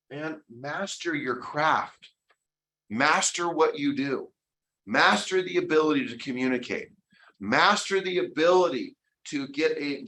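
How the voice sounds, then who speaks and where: An energetic man leads a sales training session and drives home his points with emphasis. His voice sits a little high and has a bright, sharp edge. He often slips into quick quoted exchanges between agent and client. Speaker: real estate sales trainer. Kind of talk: motivational training talk.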